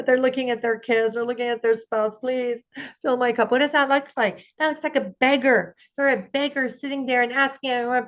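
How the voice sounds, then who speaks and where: A woman's voice: high voice, dull audio. A woman giving an earnest, encouraging parenting talk at a conference, often acting out the voices of the people she quotes. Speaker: parenting speaker.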